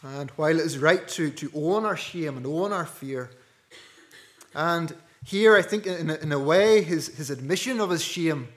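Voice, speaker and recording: Earnest preacher, hushed then loud. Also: male voice, a little high, normal speed. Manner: earnest, with wide swings between hushed and loud. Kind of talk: sermon.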